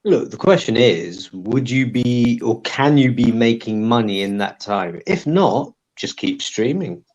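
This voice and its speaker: Slow-talking man on a dull line. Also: medium pitch, animated, darkish tone. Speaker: livestream guest. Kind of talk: casual chat on a call.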